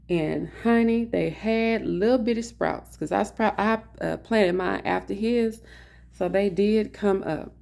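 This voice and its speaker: Chatty woman with a gravelly edge. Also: medium pitch, a little slow. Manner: animated, chatty, addresses viewers as "honey". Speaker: vlogger. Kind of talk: casual storytelling chat. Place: indoor office.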